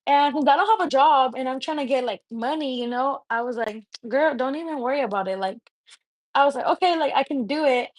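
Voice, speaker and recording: A woman's voice: high voice, brisk, no echo, rough recording. A young woman and mother chatting casually with viewers on a home livestream, rambling and filling her talk with "like". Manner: rambling and chatty, heavy use of "like". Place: at home indoors.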